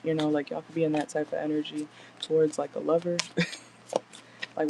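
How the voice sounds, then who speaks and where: A woman's voice: sits low, fairly even intonation, quick pace, noisy background. A woman doing a casual tarot reading in a car, chatty and blunt, swearing freely as she talks to viewers. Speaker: tarot reader.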